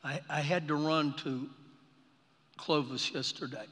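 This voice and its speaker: Brief: fervent male pastor, bright forceful delivery, live sermon in a reverberant hall. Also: a little high, fairly even intonation, measured pace. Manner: impassioned, storytelling, swells to shouting. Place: church sanctuary.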